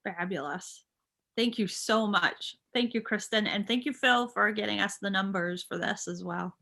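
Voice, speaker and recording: Woman, moderator, quiet, far from the mic, mid pitch. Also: normal speed, gravelly. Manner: warm thanks, introducing speakers. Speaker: workshop moderator.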